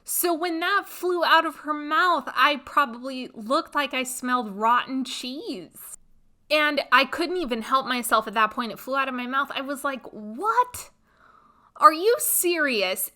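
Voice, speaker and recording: A woman speaking at an unhurried, deliberate pace, her voice bright and a little high. She tells a story from her own life in a blunt, expressive, animated way, as the host of a casual monologue podcast.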